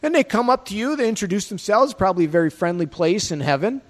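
A man with a notably high voice preaching with rhetorical questions and a provocative, chatty edge. His words carry a long hall reverb. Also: big pitch swings, fast talker. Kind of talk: sermon.

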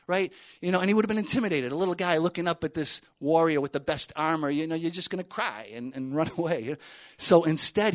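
A man's voice: on the high side, fairly bright tone. A man telling a story in a sermon to a group, conversational, with many fillers and asides.

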